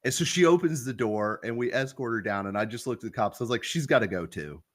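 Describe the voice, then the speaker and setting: A man's voice: mid-range voice, animated, quick pace, fairly bright tone. A young man co-hosting a podcast, telling a story in a loose, profane, casual way and acting out the quoted lines. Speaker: podcast co-host.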